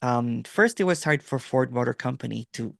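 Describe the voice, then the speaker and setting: Middle-aged man with a gravelly Filipino accent. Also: mid-range voice, lively intonation, normal speed, no room sound, clean studio sound. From Philippines. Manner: rambling storyteller, many fillers and "right?". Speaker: host. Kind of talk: casual conversation on a video call. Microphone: video call.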